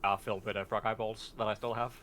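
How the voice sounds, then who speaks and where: Playful tabletop player, mid-pitched voice. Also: flat delivery, fast talker, a bit bright, slight background noise. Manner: playful, hesitant with fillers. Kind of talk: casual tabletop game play.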